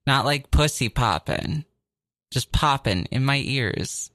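A man's voice: medium pitch, animated, slow pace, a bit bright, no echo. A man co-hosting a casual radio show, cracking crude jokes. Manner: crude, wisecracking.

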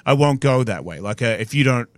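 A man's voice: medium pitch, animated, a little fast, no echo. Rambling blunt Australian man, dry sound. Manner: rambling storyteller, blunt and profane. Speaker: podcast guest. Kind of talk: casual chat.

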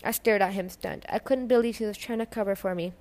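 A woman's voice: medium pitch, fast talker, darkish tone. Woman reading a novel aloud. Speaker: reader. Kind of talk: audiobook-style reading of a novel.

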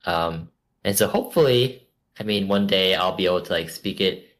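A man's voice: low-pitched, moderate pace, fairly bright tone. A man hosting a casual podcast chat, rambling with plenty of fillers. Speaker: podcast host.

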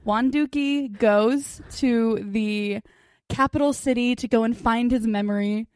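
A woman's voice: a little high, a little slow, a little mellow, no echo, clean studio sound. A young woman hosting a podcast in casual chat, gushing and acting out characters' lines. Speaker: podcast host.

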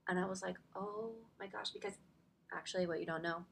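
A woman's voice: mid-range voice, steady tone, fairly quick, gravelly, breathy edge. A woman in her thirties telling a personal story in a faith podcast conversation, chatty and full of "like", close to tears at times. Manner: chatty, fills speech with "like". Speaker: podcast guest.

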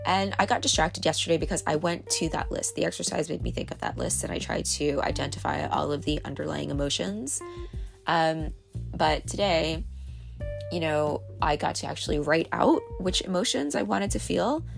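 A woman's voice: deep voice, normal speed, creaky, soft background music. A woman hosting a podcast, talking candidly in a rambling, casual way, full of fillers and little laughs. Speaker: podcast host. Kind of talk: casual confessional monologue. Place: on a boat.

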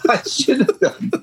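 A middle-aged man telling animated, rambling stories as a guest in a casual podcast interview. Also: rough recording. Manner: animated, rambling anecdotal storytelling. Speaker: guest screenwriter.

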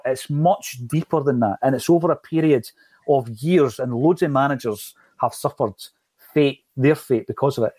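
A man's voice: medium pitch, dark tone, no echo. Emphatic man, dry close mic. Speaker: podcast host. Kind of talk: casual football chat.

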